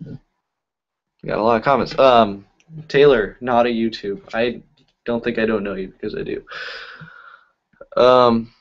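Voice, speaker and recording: On a muffled recording, a man with a mid-range voice, fairly even intonation, and a measured pace full of pauses hosts a laid-back magic live stream. As a YouTube magic and cardistry creator, he replies to comments by rambling through stories, correcting himself and laughing frequently.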